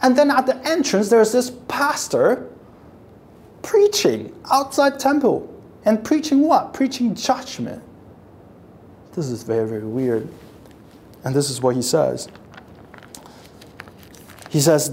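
A woman's voice: medium pitch, big pitch swings, slow, pauses often, a little mellow. A woman preaching a sermon, telling the scene as a story and acting out how the crowd reacts, often repeating and restarting words as she builds. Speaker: pastor.

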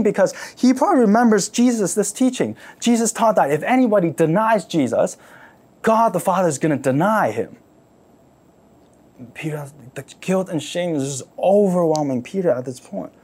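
A man preaching a sermon, retelling a story with dramatic force and repeating his phrases for emphasis. He asks his listeners to imagine the scene and swings between loud, urgent bursts and hushed near-whispers. His voice is fairly high with a husky grain. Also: expressive, moderate pace.

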